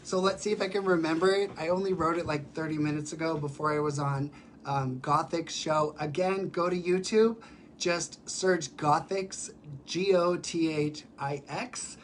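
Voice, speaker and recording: A man who performs in drag, chatting casually on a live stream while sick, with a raspy voice and many fillers. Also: fairly high pitch, moderate pace, slight background noise. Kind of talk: casual livestream chat. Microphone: phone or webcam for a live stream.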